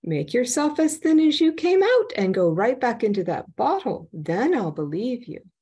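A woman's voice: a little high, very animated, moderate pace, mellow, husky, voice pushed up. A woman voicing a clever young male university student in a told story.

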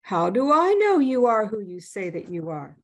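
A woman's voice: medium pitch, big pitch swings, normal speed. A woman playing a clever young student.

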